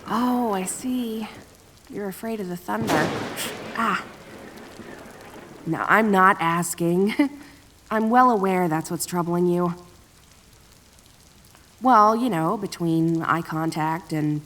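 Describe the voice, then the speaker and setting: A young woman voicing a playful, protective female kitsune friend in an audio role-play, teasing and cheerful with a soft, reassuring side. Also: on the low side, slow, long pauses.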